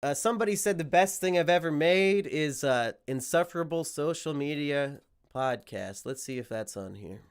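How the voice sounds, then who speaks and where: A man's voice: on the high side, expressive, normal speed, smooth. A man with a sick voice chatting casually on a livestream, rambling and swearing freely. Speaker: streamer.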